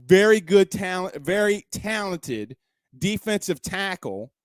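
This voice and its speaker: A man's voice: high-pitched, very animated, a little slow, clear, resonant tone, dry recording, clean studio sound. Punchy, emphatic male sports talk host. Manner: emphatic, repeats points, fires off rhetorical questions. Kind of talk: opinionated sports talk commentary. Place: at home.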